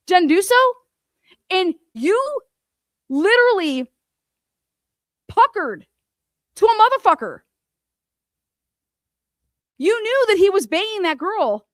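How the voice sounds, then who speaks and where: A high-voiced woman delivers a heated commentary rant. She swears freely and hammers the people she means with rhetorical questions. Her voice sounds dry and close, with little room sound. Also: big pitch swings, takes it slowly, long pauses, no echo. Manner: angry, profane, confrontational. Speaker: commentary host. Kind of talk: ranting commentary on a court case.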